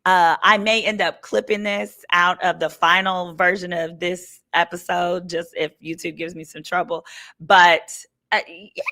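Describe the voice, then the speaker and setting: A woman attorney hosts a casual legal commentary stream from a hotel room. She chats easily with her viewers and calls them y'all. Her voice sits slightly low for a woman. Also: level tone, unhurried, sharp tone. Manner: chatty, addresses viewers as y'all. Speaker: attorney and show host.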